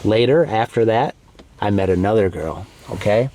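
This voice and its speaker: A man with a somewhat low voice gives a relaxed lesson for learners. He speaks slowly and clearly, repeats key words and keeps checking in with "okay?". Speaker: English teacher. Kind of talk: slow, clear comprehensible-input lesson.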